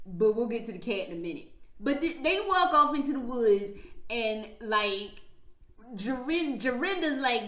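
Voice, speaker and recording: A woman's voice: on the high side, lively intonation, moderate pace, fairly bright tone. A woman vlogging, retelling stories in a casual, profane, slang-heavy way with frequent laughs. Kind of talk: casual storytelling vlog. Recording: echoey room.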